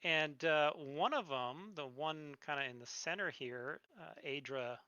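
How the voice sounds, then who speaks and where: A game master narrating a tabletop game with unhurried, descriptive scene-setting. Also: mid-range voice, sharp tone, clear, resonant tone, dry recording, muffled recording.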